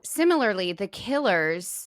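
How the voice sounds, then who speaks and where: A woman's voice: medium pitch, big pitch swings, a little slow, dry recording. Easygoing female co-host, dry close sound. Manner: self-mocking, easygoing. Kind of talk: casual comedic chat.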